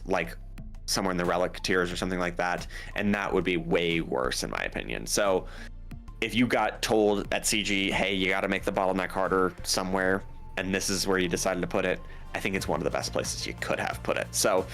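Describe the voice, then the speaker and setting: A man with a low voice talks through his views on a gaming podcast. He is plain-spoken and lays out his opinions firmly. Faint music sits underneath. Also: a bit bright. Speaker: co-host. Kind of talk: casual gaming podcast chat.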